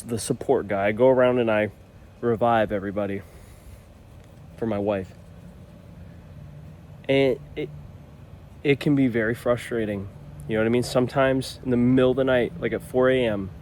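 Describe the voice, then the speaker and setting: A man's voice: mid-range voice, a little mellow, a little hiss or hum. Earnest young man in his twenties. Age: 20s. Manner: earnest and rambling, with restarts. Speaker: vlogger and new father. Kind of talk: casual talk to camera.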